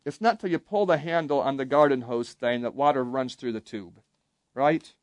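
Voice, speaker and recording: A camp Bible teacher speaks at normal speed in a mid-range voice, with no room sound. His interactive lesson has young campers answering his questions and joining in call-and-response.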